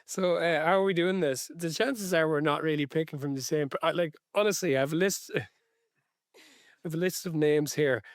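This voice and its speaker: A man's voice: a little high, normal speed, no echo, studio quality. An Irish man co-hosting a football podcast, chatting in a wry, hesitant way. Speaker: podcast co-host. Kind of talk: casual chat.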